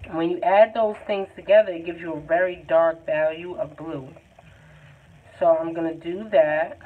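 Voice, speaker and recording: A woman's voice: on the low side, steady tone, normal speed. Chatty woman teaching painting over a tinny line. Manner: chatty, encouraging, loose and informal. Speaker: art tutor. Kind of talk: live painting tutorial. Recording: tinny phone-like sound, faint noise.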